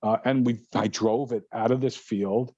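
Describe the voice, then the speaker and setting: An older man and guest pilot, telling a story in casual talk, animated and laughing often as he acts out other people's voices. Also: medium pitch, moderate pace, no room sound. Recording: dull lo-fi sound.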